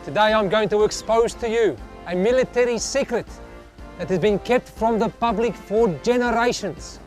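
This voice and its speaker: A man's voice: high-pitched, normal speed, faint music behind, pitched above the performer's own voice, lightly acted. A man playing a stern army sergeant major, giving a mock-serious military briefing in a barking drill-instructor manner.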